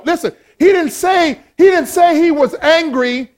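High-voiced animated preacher man. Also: a little slow. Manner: animated preaching, swings from loud exclamations to low asides; playful, joking with the congregation. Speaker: pastor. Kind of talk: sermon.

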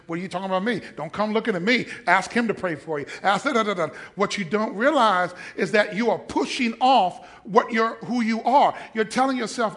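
A male pastor delivering a sermon in a church, moving between quiet, conversational asides and shouted declarations, and calling on the congregation to respond. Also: high-pitched, expressive, a little fast, few pauses.

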